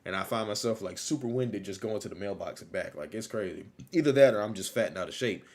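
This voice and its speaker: A man's voice: on the low side, fast talker, darkish tone. Rambling man on a casual livestream. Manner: loose, rambling, repeats phrases, laughs easily. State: still low on energy after illness. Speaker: livestream host.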